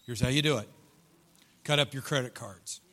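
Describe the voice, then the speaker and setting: A man's voice: medium pitch, normal speed, fairly bright tone. A middle-aged man preaching a sermon in a church, folksy and joking, acting out voices from his congregation. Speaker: pastor. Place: church sanctuary.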